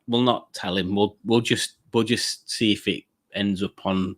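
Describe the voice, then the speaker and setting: A man hosting a casual livestream, rambling and hesitant with many fillers and goofy jokes while greeting the chat. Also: medium pitch. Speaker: livestream host.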